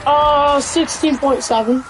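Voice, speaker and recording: A woman with a high, youthful-sounding voice chats in a relaxed, casual way over a headset while playing. Faint noise hangs in the background. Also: slow pace. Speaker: gamer. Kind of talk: casual chat while gaming.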